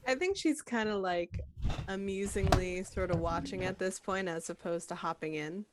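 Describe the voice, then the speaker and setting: A woman's voice: mid-range voice, moderate pace, noisy background. A woman playing in a tabletop game, explaining her character in a chatty, hedging way. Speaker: player. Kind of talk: casual chat.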